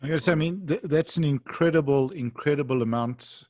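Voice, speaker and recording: A man's voice: on the high side, fairly quick, darkish tone, no room sound, studio quality. A man hosting a podcast interview, asking encouraging and reflective questions. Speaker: podcast host.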